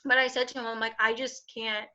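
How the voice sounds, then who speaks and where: A woman in her twenties talks candidly as a podcast guest, full of fillers and quick restarts. Her voice sits high and sounds bright and forceful. The recording is dull and lo-fi. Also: level tone. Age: 20s. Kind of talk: casual interview conversation.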